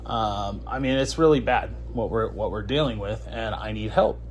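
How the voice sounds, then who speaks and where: A man's voice: lowish voice, moderate pace, a little hiss or hum. A young man hosting a podcast, talking in a combative, preachy and taunting way. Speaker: podcast host. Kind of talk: heated phone confrontation and podcast intro.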